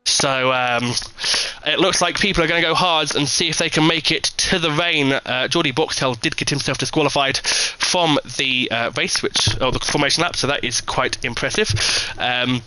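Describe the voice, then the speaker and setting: A man's voice: fairly high pitch, normal speed, sharp tone, smooth, poor audio. Chatty British man commentating a sim race. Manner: chatty, filler-heavy, stumbling restarts. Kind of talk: live sim racing commentary.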